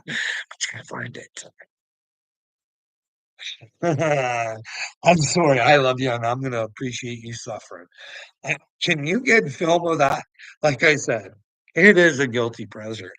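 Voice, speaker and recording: A man's voice: medium pitch, fairly bright tone, no room sound, poor audio. A man rambling through a solo monologue, mocking and profane, breaking into laughter between nearly every phrase. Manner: profane and taunting. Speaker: vlogger.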